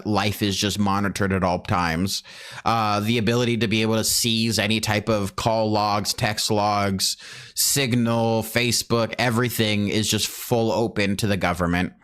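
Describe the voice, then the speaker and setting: A man's voice: on the low side, a bit bright. A man in casual conversation, explaining his views earnestly with some indignation. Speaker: streamer. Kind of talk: casual chat.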